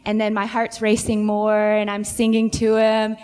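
A woman counselor sharing a personal story with earnest, reflective warmth on a church panel. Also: medium pitch, completely flat delivery, normal speed, big-room sound.

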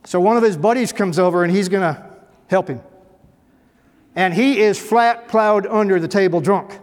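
A man's voice: high voice, moderate pace. A middle-aged man, a former police officer, telling humorous stories to an audience in a folksy way with dry, self-mocking humor. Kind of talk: humorous storytelling talk to an audience. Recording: echoey hall reverb.

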